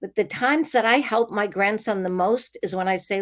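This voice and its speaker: A woman's voice: medium pitch, moderate pace. An older woman from north of Boston with a Boston accent, a talk-show guest giving earnest, encouraging advice. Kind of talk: motivational casual chat.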